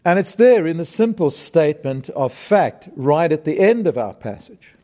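A middle-aged man preaching a sermon, emphatic and deliberate, putting rhetorical questions to his congregation. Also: a little high, big pitch swings, dark tone.

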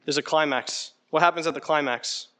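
Animated man teaching a workshop. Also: a little high, fairly quick. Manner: animated, conversational, asks the room questions. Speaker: preaching workshop instructor. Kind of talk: interactive teaching talk.

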